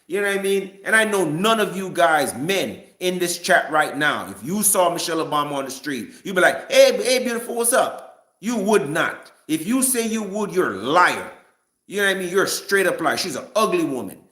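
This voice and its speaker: A man's voice: on the high side, expressive, normal speed, bright, forceful tone, roomy sound. A man giving a casual, rambling opinion rant to a live chat, stumbling and restarting often. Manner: rambling, frequent restarts and stammers. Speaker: live-stream commentator.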